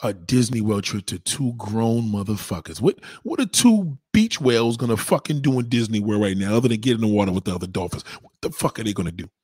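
A man delivering a profane, ranting monologue, emphatic and heated, swinging from loud outbursts to low muttering. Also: a little fast, hardly any pauses, husky, no room sound.

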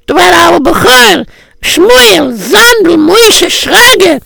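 Brief: pushy Hasidic wife with a Yiddish accent, very high falsetto and gravelly. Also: male voice, very animated, slow, pushed and bright, no room sound, exaggerated voice, poor audio. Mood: flustered. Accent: Yiddish-inflected English. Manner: pushy, repeats herself. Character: insistent Hasidic wife, middle-aged.

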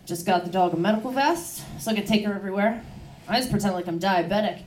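A woman from Baltimore doing a loose, conversational stand-up set with deadpan punchlines. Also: medium pitch, quick pace, a little hiss or hum. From Baltimore, USA. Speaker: stand-up comedian. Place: comedy club stage. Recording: roomy club sound from a distance.

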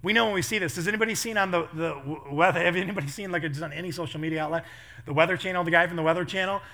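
Fast-talking, animated man preaching. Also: on the high side, vocal fry. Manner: animated, laughing, acts out quotes. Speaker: pastor. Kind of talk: storytelling sermon.

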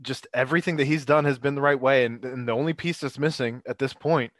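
A man talking casual sports chat, excitable and full of fillers, laughing often between thoughts. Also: medium pitch, fast, no echo.

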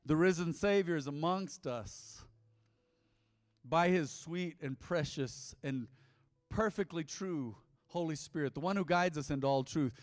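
A man preaching as a pastor, emphatic, repeating lines and swinging between loud and soft. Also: fairly high pitch, unhurried. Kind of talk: sermon. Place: large church hall. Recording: long hall reverb.

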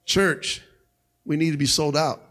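A man preaching a sermon as pastor to his congregation in a church, with a slightly raspy voice, calling out "come on" and "amen" and shouting as he rises. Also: a little high, steady tone, a little slow, faint music behind. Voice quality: a little raspy. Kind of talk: energetic sermon. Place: church sanctuary.

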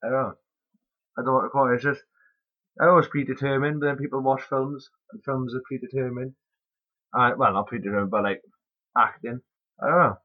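A man's voice: medium pitch, steady tone, a little fast, long pauses. A young man hosting a casual podcast chat, rambling loosely and swearing offhand. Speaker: podcast host. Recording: muffled lo-fi podcast audio.

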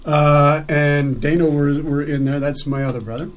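A man hosting a podcast, his voice a bit higher than most men's, eager and quick to laugh as he adds to shared memories. Faint background noise sits under the recording. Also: level tone. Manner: eager, laughs often, talks over guest. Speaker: podcast host. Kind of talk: casual conversation, reflective.

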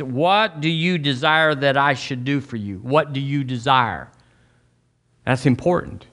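A man preaching a sermon as pastor, telling folksy stories and acting out quotes in sudden high voices. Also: a bit bright. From Southern US.

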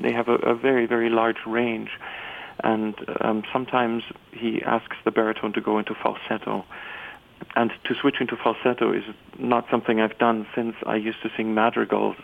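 A man who is an opera baritone, giving reflective interview answers with frequent restarts and fillers. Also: creaky. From Canada. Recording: tinny phone-like radio sound.

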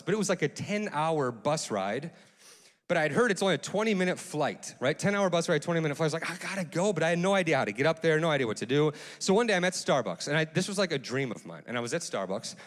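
A man preaching a sermon as pastor, telling a story in a casual, animated way, full of restarts and fillers. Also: a little high. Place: church sanctuary. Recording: long church hall reverb.

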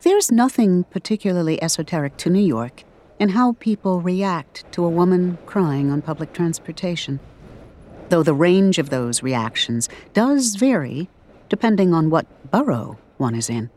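A woman narrating an audiobook in an expressive, measured storytelling manner. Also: fairly low pitch.

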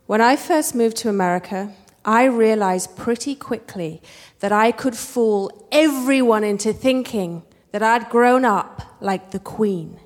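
A woman's voice: a little high, a little slow. A woman from England with a working-class English accent, telling a wry, self-mocking story live on a theater stage, with hall reverb. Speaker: storyteller, actress.

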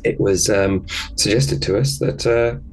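A man's voice: fairly low pitch, a little slow, gravelly, slight background noise, poor audio. A man, a book editor, answering interview questions hesitantly with many ums.

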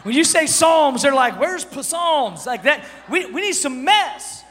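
A pastor in his thirties preaching a sermon, animated and joking, swinging from shouts to hushed storytelling. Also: extremely high pitch, a little slow, in a large hall.

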